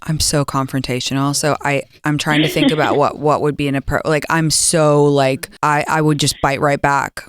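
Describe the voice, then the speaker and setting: A young adult woman hosting a call-in podcast, giving blunt, animated advice and swearing freely. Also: low voice, moderate pace, hardly any pauses, clear, resonant tone. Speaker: podcast host taking calls. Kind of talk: casual advice chat.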